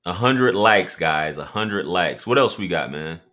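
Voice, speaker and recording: A man's voice: low-pitched, animated, unhurried, pushed and bright. A man hosting a casual livestream, joking and bantering with viewers in loose, slangy talk. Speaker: livestream host.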